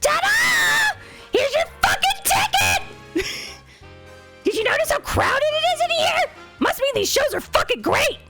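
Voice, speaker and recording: A chipper little male theater companion squeaks along, eager and sing-song, as a woman puts him on. His voice is sky-high and bright, leaping wildly up and down. Faint game music plays behind. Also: sing-song, measured pace, long pauses, heavily acted. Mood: excited.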